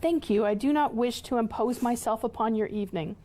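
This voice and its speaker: Woman reading as a courteous male vampire, begging, formal phrasing, pitched up. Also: brisk, mellow, lightly acted. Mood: pleading. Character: polite pleading male vampire.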